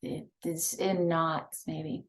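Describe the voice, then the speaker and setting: A woman leading a guided breathing and visualization exercise, talking softly and soothingly with many pauses. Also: sits low, flat delivery. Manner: slow, soft, soothing guidance with many pauses. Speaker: mindfulness instructor.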